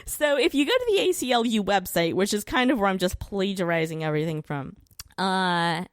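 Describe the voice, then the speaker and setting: A woman's voice: mid-range voice, expressive, a little fast, no echo. A woman with a law background, chatting on a podcast as a guest, laughing often. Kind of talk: casual podcast chat.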